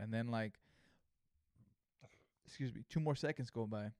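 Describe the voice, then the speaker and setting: A man in his thirties from California rambles through a personal story in relaxed, slang-heavy talk. His voice sits at an ordinary middle pitch and he peppers his sentences with "you know" and "right?". The recording is dry and close, with no room sound. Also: unhurried, long pauses, dry recording. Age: 30s. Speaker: vlogger. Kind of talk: casual storytelling monologue.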